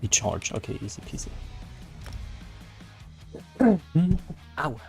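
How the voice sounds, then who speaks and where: A native German speaker with a German accent streams a game and chats casually with viewers, answering them aloud and often starting over. His voice is fairly high, sing-song and gravelly with a darkish tone, and he takes it slowly, with faint music behind him.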